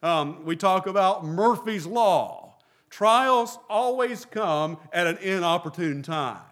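A man's voice: high voice, animated, slow pace, a bit bright. A middle-aged man preaching a sermon as a pastor, asking rhetorical questions and repeating phrases for emphasis.

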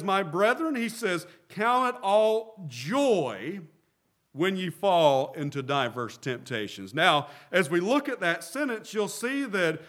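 A man's voice: high voice, fairly bright tone. A middle-aged man preaching a sermon as a pastor, asking rhetorical questions and repeating phrases for emphasis.

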